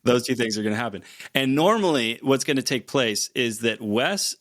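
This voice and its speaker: A man's voice: medium pitch, lively intonation, moderate pace, fairly bright tone. Enthusiastic male podcast co-host. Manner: enthusiastic, repeats words. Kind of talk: casual podcast chat.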